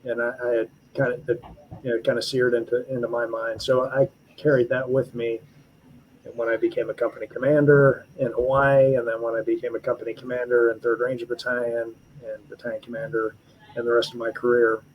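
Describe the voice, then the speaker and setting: 50s army vet guy telling old war stories, earnest, lots of ums, pretty monotone. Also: medium pitch, a little hiss or hum, low-quality recording. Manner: earnest, halting, many fillers and restarts. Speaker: retired army officer guest. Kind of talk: storytelling interview.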